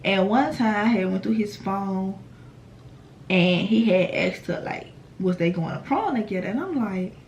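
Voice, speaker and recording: A woman's voice: mid-range voice, expressive, a little slow, darkish tone, highs cut off, slight background noise. Young woman vlogger, mid-range voice, casual storytime, swears freely, talks straight to viewers. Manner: slangy, profane, chatty; addresses viewers directly.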